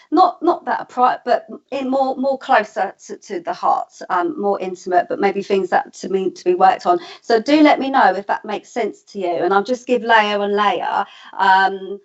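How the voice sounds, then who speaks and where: A woman co-hosting as a psychic reader, talking hesitantly with many pauses and fillers and often giggling. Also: medium pitch, muffled recording. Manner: hesitant, lots of ums, giggly. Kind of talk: casual live reading chat.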